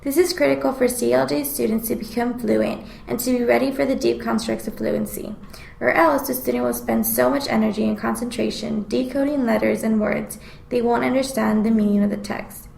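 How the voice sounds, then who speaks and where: Student presenter, woman, very gravelly voice with a slightly high pitch, explanatory read, roomy echo. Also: steady tone, brisk, darkish tone. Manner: explanatory, reads prepared text. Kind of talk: reading a scripted class presentation.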